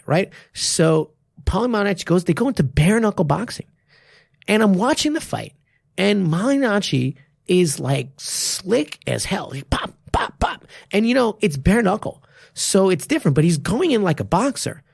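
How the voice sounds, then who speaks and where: A male martial arts coach chats on a podcast, emphatic and profane as he breaks down a fight. His voice is deeply gravelly and husky. The sound is dry and close, with no room echo. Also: big pitch swings, moderate pace. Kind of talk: casual podcast chat.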